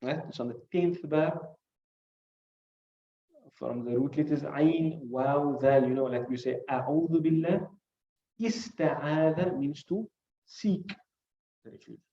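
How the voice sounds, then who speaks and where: In an unhurried classroom lesson full of pauses, a man with a slightly high voice explains hadith Arabic word by word. He mixes recited classical Arabic into his English and throws rhetorical questions at the students, with the sound muffled and echoing.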